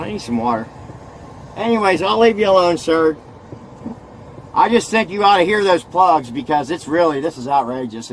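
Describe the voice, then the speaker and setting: A man's voice: high-pitched, fairly bright tone, slight background noise, poor audio. A man in an agitated, rambling rant, scolding and preaching by turns. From Indiana. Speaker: arrested man ranting on video. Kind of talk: angry self-filmed rant.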